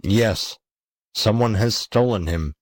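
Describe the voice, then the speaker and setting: A man voicing a thoughtful old wizard in a storybook reading, measured and deliberate. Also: fairly low pitch, no room sound, voice pushed up.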